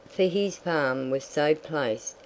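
A narrator reading a classic novel aloud in a measured storytelling manner. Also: mid-range voice, a little hiss or hum, low-quality recording. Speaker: audiobook narrator. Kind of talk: scripted narration.

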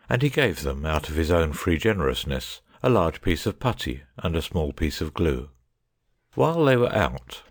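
Very deep-voiced male narrator. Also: no echo, studio quality. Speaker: audiobook narrator. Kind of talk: scripted narration.

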